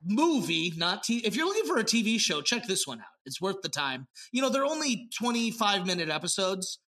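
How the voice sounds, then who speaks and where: A man co-hosting a casual podcast chat, animated and swearing, acting out lines as he reviews a show. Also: high-pitched, fairly quick. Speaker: podcast co-host.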